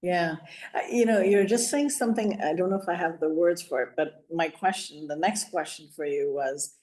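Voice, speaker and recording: A woman's voice: lowish voice, moderate pace, a little mellow. A woman hosting an interview, affirming her guest and searching for words as she asks. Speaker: podcast host. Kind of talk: casual interview talk.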